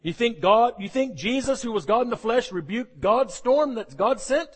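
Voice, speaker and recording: Animated male preacher with a high voice. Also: normal speed, husky. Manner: animated, jokey, acts out quoted voices. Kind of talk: sermon with humorous asides.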